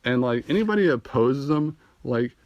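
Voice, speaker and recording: A man's voice: mid-range voice, lively intonation, moderate pace, darkish tone, dry recording, lo-fi sound. A young man doing a rambling, profane stand-up comedy monologue and laughing at his own jokes, recorded on a phone. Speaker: amateur comedian.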